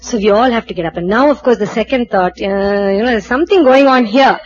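A woman from India, telling a personal anecdote in a lively way, acting out dialogue and laughing at herself. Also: on the high side, a little fast, slightly rough, lo-fi sound. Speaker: storyteller. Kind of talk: personal anecdote told to an audience.

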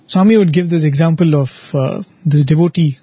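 A man with a fairly high, husky voice gives a spiritual talk. He tells a devotional story and keeps checking in with his listeners with "right?" and "you know". The recording is dry and a little muffled. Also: fairly quick, no room sound. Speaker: devotional speaker.

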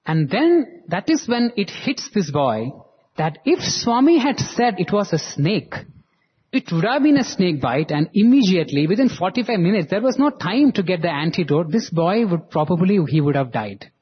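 A man tells a devotional story with lively animation, his voice slightly raised in pitch and husky. The recording is dull and lo-fi. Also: normal speed.

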